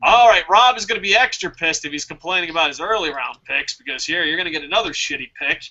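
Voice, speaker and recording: A man's voice: fairly high pitch, fast talker, bright, forceful tone, dull audio. A man hosting a fantasy wrestling draft show, talking in a casual, profane way and laughing at his own jokes.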